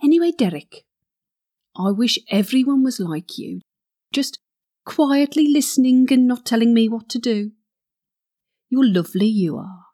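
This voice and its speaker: A woman's voice: a little high, expressive, a little slow, long pauses, warm tone. A woman playing a flirty gossip. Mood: flirtatious. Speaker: comic monologue character. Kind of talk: comic character monologue.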